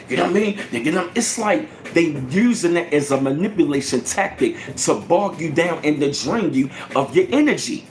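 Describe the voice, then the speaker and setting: Animated, ranting man in echoey room. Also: a little high, a little fast, slight background noise. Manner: animated, profane, repetitive ranting. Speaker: channel host. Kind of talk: casual ranting livestream.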